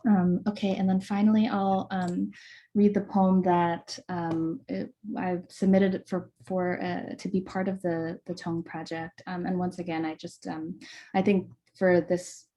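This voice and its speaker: Woman poet, mellow measured recitation. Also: lowish voice, flat delivery, muffled recording. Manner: measured, rhythmic recitation with soft hesitant asides. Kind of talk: poetry reading over video call. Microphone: video call.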